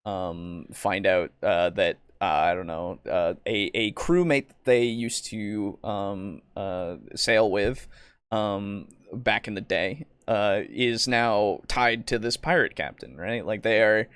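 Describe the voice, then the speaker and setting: A man's voice: fairly low pitch, takes it slowly, fairly bright tone, smooth, no room sound. A man co-hosting a podcast, chatting casually about tabletop games, rambling with many fillers, swearing and laughing often. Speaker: podcast co-host.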